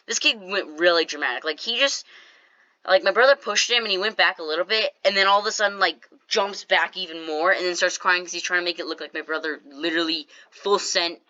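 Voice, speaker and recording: A YouTuber telling a casual story over gameplay, animated and jokey, with quick asides to the viewers. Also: medium pitch, muffled recording.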